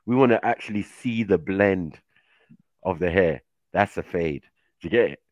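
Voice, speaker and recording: A man voicing a gruff, low-voiced Turkish male friend who insists and repeats himself, heard in a dull lo-fi recording. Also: moderate pace, no echo, lightly acted. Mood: insistent. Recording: dull lo-fi sound.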